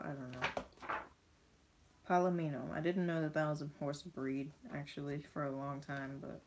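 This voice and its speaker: A woman's voice: deep voice, fairly even intonation, moderate pace, noisy background. A young woman chatting casually as she unboxes toy horses, rambling and reading bits of text aloud. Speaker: vlogger.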